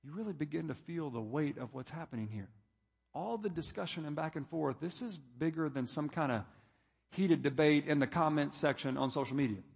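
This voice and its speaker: Man, pastor preaching, fairly high voice, long hall reverb. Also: expressive, brisk, gravelly, breathy edge. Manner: preaching, reading scripture aloud with rising emphasis. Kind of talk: sermon.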